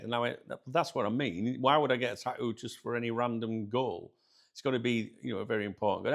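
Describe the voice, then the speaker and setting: A man with a British accent hosting his channel, telling a story casually to viewers, chatty and animated, laughing often. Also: medium pitch, quick pace, gravelly. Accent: British English. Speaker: channel host.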